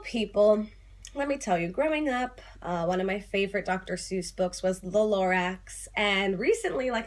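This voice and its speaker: A young woman talking casually to camera as an activist vlogger, quick and passionate with playful asides. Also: medium pitch. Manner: fast, animated, playful asides. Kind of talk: casual direct-to-camera vlog. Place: home room, on hold on a phone call.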